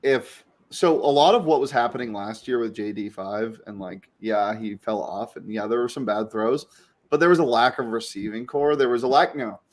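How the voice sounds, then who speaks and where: A young American man co-hosting a sports podcast, arguing his picks quickly and correcting himself as he goes. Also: mid-range voice. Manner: fast, excited, self-correcting. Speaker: podcast co-host. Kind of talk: casual sports chat.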